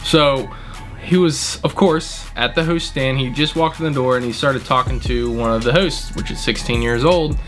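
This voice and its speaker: A man's voice: mid-range voice, normal speed, fairly bright tone, faint music behind. A young man, a restaurant manager, telling a story in a blunt, indignant, casual way and swearing freely.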